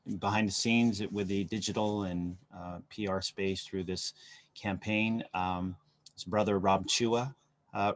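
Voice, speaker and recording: A man's voice: lowish voice, slight background noise. A man co-hosting a virtual celebration, formally introducing each speaker over a video call. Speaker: event co-host. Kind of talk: emceeing speakers.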